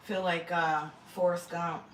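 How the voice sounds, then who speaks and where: Broadcasting a casual kitchen livestream, this middle-aged homestead channel host is chatty and blunt, cursing freely and calling out viewers by name. She speaks at a measured pace in a lowish voice with a flat delivery. The audio comes from a distant mic in an echoey room with faint noise.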